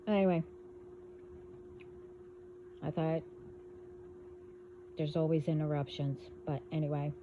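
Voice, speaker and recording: A woman hosting a casual spiritual monologue, talking in a rambling, halting way as she delivers warnings. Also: low voice, steady tone, narrow, tinny audio, background noise. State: hiccups. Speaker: spiritual video host.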